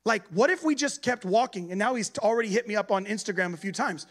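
A man preaching at a church gathering in a lively, conversational way, acting out other people's voices. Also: high-pitched, fast talker. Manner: animated, conversational, acts out voices. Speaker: guest preacher. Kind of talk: sermon.

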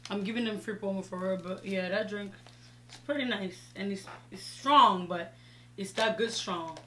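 Female vlogger, chatty storyteller, casual makeup talk, mid-pitched voice, faint hum in background. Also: normal speed. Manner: chatty storytelling, animated retelling of dialogue. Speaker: beauty vlogger. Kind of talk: casual chat while doing makeup.

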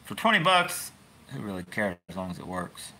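A man's voice: on the low side, big pitch swings, normal speed, sharp tone. A man hosting a fishing channel, chatting casually into his phone in a rambling, folksy way with wry asides. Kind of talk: casual rambling livestream chat.

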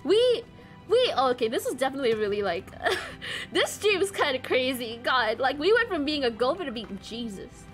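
A woman's voice: high voice, sing-song, normal speed. A young woman from Malaysia chatting casually while streaming a game, reading chat aloud and swearing now and then. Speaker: VTuber streamer. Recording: faint game music behind.

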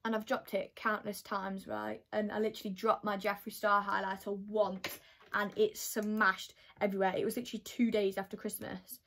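A woman's voice: medium pitch, little pitch movement, normal speed, fairly bright tone. A teenage girl chatting through her makeup routine as a beauty vlogger, full of "like" fillers. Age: teens. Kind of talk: get-ready-with-me makeup chat.

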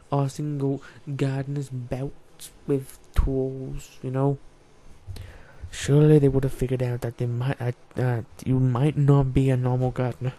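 A gaming YouTuber with a mellow, mid-range male voice does casual let's-play commentary. He chats, cracks jokes, and talks to the game's characters while he plays.

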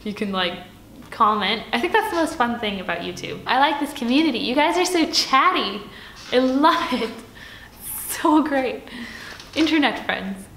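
A woman's voice: a little high, expressive, moderate pace, a bit bright, roomy sound, slight background noise, poor audio. A young adult woman from Switzerland chatting playfully through a Q&A tag video, with lots of "like" and filler words. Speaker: vlogger.

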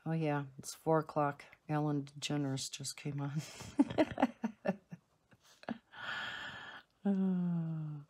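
A woman's voice: low-pitched, steady tone, very slow, long pauses, warm tone. A woman hosting a coloring channel, chatting casually and rambling through asides while she colors at home. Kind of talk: casual color-along chat. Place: home, indoors.

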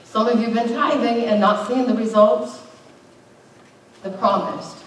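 A woman's voice: fairly high pitch, steady tone, unhurried. A middle-aged woman pastor preaching a conversational sermon with emphatic bursts. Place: church sanctuary. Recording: very echoey, distant church recording.

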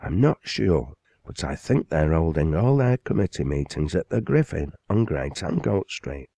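A man voicing a composed, concerned young woman in an audiobook, in a gentle, low, only lightly changed voice. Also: lively intonation, normal speed, gravelly, no echo, exaggerated voice. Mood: calm. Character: calm concerned young woman, his daughter.

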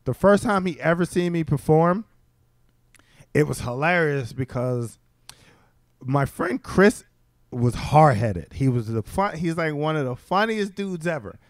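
A comedian tells stories, his voice sitting a little high for a man as he acts out the people he quotes. The sound is close and dry, with no room echo. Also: animated, measured pace. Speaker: stand-up comedian guest. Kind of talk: casual storytelling chat. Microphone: studio mic.

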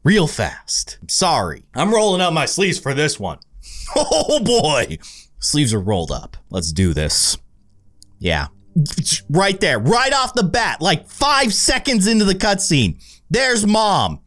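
A man's voice: fairly high pitch, a little slow. A man giving exclaiming let's play commentary as a gaming YouTuber. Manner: animated, exclaiming reactions.

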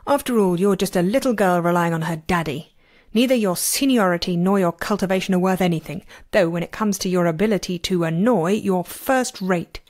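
A woman's voice: fairly low pitch, brisk, darkish tone, close to an everyday voice. A woman voicing a sneering young male disciple who mocks a rival, read in an amateur audiobook.

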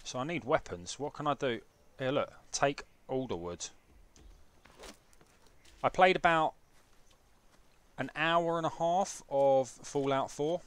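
A man's voice: mid-range voice, expressive, takes it slowly, pauses often, clean tone. Chatty, sweary man streaming a game. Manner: chatty, sweary, jokey, talks to chat while fiddling with setup. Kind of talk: casual live gameplay commentary. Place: home room with PC setup.

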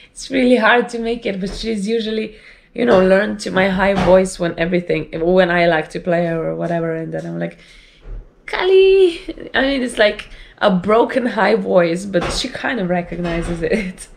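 A woman's voice: fairly low pitch, creaky. A woman vlogging from home in a rambling, chatty way, her voice sore and strained from illness. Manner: rambling, chatty, with light laughs. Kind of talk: casual chat to camera.

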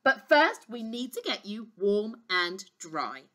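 A woman voicing a kindly, calm male dragon who speaks slowly and reassuringly in a storybook reading. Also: mid-range voice, exaggerated voice. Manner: slow, gentle, reassuring.

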